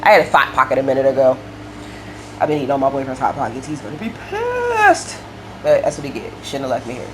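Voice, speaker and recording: A woman's voice: low-pitched, fairly bright tone, a little hiss or hum. A young woman chatting casually while building in a game, telling a rambling story full of fillers and laughs. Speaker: game streamer building a house. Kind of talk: casual chat while playing.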